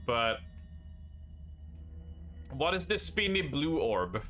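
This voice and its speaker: Lively, bright-voiced male game streamer. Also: a little high, slow. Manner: excitable, joking, laughs often. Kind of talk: live gameplay commentary.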